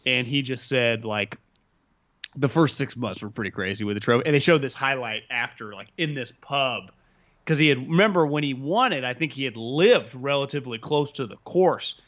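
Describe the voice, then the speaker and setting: A man's voice: mid-range voice, moderate pace, a bit bright, lo-fi sound. A man co-hosting a sports podcast in casual chat, rambling with lots of filler words. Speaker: podcast co-host.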